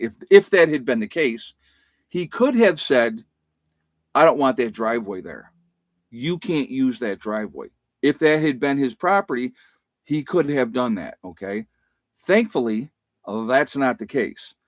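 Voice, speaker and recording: A man's voice: mid-range voice, no room sound. A man hosting a live stream, talking casually and rambling with lots of fillers and restarts. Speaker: livestream host.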